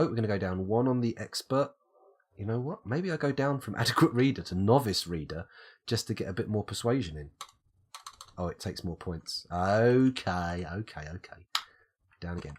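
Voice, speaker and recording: A man's voice: on the low side, lively intonation, moderate pace, a little mellow, a little hiss or hum. A British man with a cold, thinking aloud as he streams live gameplay commentary and muses over his options. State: has a cold, coughing.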